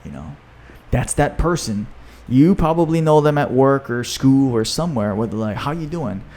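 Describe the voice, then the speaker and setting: A man's voice: mid-range voice, animated, normal speed, darkish tone. A man hosting a podcast in a casual, enthusiastic talk, often adding "you know" and "right?". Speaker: podcast host and author.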